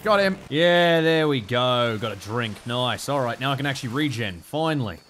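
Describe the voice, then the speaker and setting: Excitable Australian gamer, lively pitch. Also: male voice, normal speed, noisy background. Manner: excitable, swears a lot, laughs often. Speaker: gaming YouTuber. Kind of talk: let's play commentary.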